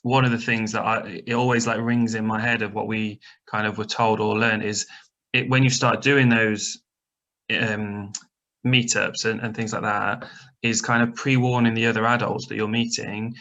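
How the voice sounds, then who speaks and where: A man's voice: on the low side, little pitch movement, normal speed, sharp tone, muffled recording. A man and adoptive parent talks casually on a video call webinar. He rambles a little and uses many fillers. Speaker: adoptive parent on the membership team.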